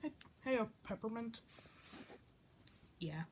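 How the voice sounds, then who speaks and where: A woman's voice: on the high side, lively intonation, takes it slowly, background noise. A woman doing a playful skit, voicing several stuffed animals and switching between their voices, often dropping to a whisper. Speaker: toy puppeteer.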